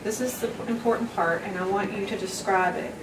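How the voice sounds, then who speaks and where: A woman questioning a man, cutting in to slow him down and keep him on track. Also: mid-range voice, creaky, over a noisy crowd. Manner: interrupts to slow down and refocus. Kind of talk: questioning, coaching testimony. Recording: echoey room, distant mic, voices behind.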